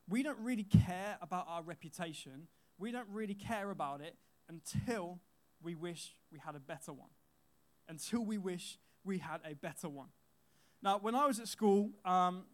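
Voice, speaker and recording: High-voiced young youth speaker. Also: male voice. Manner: chatty storytelling with fillers and repeats. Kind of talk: casual youth sermon.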